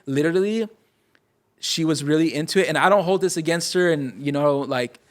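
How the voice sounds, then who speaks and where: Fast-talking young man telling a story. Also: on the high side. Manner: rapid, animated, full of fillers, acts out quotes. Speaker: pastor and guest. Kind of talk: casual interview storytelling. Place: podcast studio.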